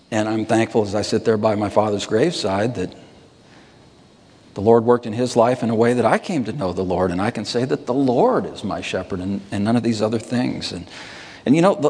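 A man's voice: medium pitch, expressive, darkish tone, slightly rough. Reflective preacher man in a hall. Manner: musing, slow over scripture, voice lifts on key words. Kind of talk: reflective sermon.

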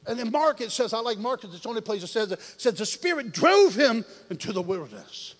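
High-voiced man preaching in a reverberant hall. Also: fairly quick. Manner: animated and joking, acts out voices. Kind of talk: sermon. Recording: long reverb of a large hall.

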